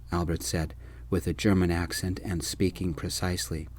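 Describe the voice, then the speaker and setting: A man telling a first-person story in a gentle, soft-spoken ASMR style. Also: sits low, fairly even intonation, moderate pace, no room sound.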